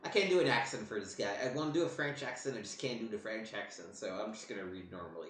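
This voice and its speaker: A man's voice: fairly low pitch, fast, few pauses, a bit bright, roomy sound, low-quality recording. Sarcastic man muttering over gameplay. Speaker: let's play host. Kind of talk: casual gameplay commentary.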